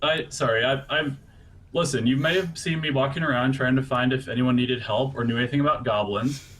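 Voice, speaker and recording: A man's voice: medium pitch, fairly quick, a bit bright, slight background noise. Stammering young man role-playing comically. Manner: earnest yet comic, stammering and laughing. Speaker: player. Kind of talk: in-character tabletop role-play, casual and joking.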